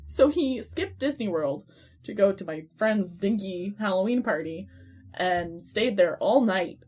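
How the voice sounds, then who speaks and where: A woman guest on a podcast, chatting casually and telling animated stories with frequent laughter. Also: medium pitch, a little slow. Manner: animated storyteller, laughs often.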